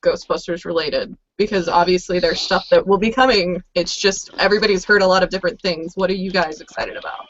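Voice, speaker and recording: A woman's voice: lowish voice, steady tone, fairly quick, hardly any pauses, slight background noise. Woman, giggly host, casual chat, dull lo-fi call audio. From Texas, USA. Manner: giggly, chatty. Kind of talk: casual group video chat.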